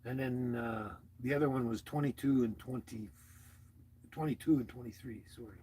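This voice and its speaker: A man's voice: medium pitch, moderate pace, dark tone, a little hiss or hum. A man hosting a casual livestream, rambling and chuckling as he greets viewers by name and talks to his dog. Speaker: livestream host.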